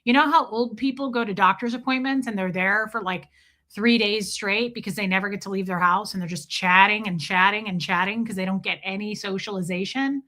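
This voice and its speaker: Animated, bright-voiced woman streamer. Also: medium pitch, fairly quick. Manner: animated, exasperated, swears freely, comic asides. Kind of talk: casual storytelling livestream.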